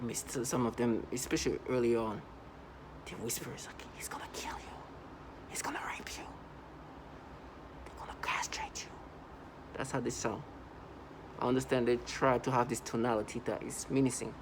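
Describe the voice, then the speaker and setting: A man's voice: medium pitch, vocal fry, slight background noise, low-quality recording. Emphatic man talking in repetitive bursts. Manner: repetitive, emphatic, many restarts. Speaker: vlogger. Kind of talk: casual monologue to camera.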